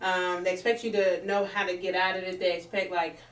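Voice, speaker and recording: A woman's voice: on the low side, little pitch movement, brisk. A woman co-hosting a talk show who listens closely and replies supportively. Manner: supportive, backchanneling. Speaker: podcast co-host. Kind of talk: casual chat. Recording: echoey room, far from the mic.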